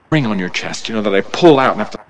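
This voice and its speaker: A man voicing a chatty male bird character in an animated short film, speaking conversationally and teasingly. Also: on the low side, quick pace, a little hiss or hum, natural voice.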